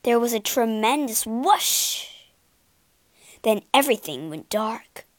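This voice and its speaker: A woman reading a children's storybook aloud with expressive, dramatic narration. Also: fairly high pitch, slow, no room sound.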